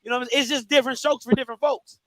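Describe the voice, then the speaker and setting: A man's voice: extremely high pitch, steady tone, fast talker, a bit bright, no echo. A man hosting a call-in sports show, talking casually and laughing, with "you know what I'm saying" again and again.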